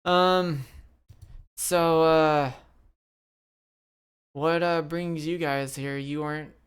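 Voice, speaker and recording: A lazy, begrudging young man, as the game master puts him on in a tabletop game. His talk is flat and offhand, in a clear, smooth voice. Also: on the high side, extremely slow. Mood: reluctant.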